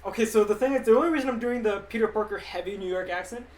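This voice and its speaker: A man's voice: high-pitched, very fast, darkish tone, a little hiss or hum. Young man chatting on a livestream. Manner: rambling, reads viewer questions aloud and answers them. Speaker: livestreaming animator. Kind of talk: casual livestream chat. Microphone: desk mic that clips when loud.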